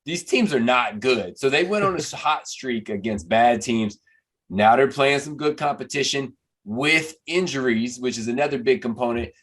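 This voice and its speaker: A former pro football player co-hosting a podcast, giving confident, plain-spoken analysis. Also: male voice, mid-range voice, expressive, moderate pace, a bit bright. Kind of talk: casual sports analysis chat.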